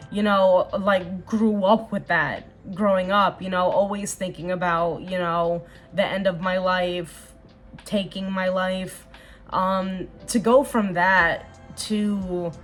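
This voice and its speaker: Young adult woman vlogger, chatty and sincere, low-key background music. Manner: chatty, earnest, rambling with fillers. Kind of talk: casual get-ready-with-me chat.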